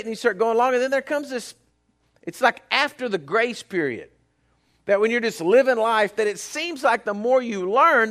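A man preaching a sermon as pastor, swinging between hushed storytelling and loud emphatic repetition. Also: sits high.

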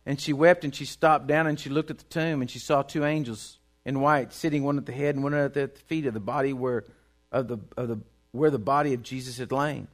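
A man preaching a sermon, swinging between loud bursts and hushed, quiet stretches. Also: medium pitch, fairly even intonation, a little fast. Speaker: pastor.

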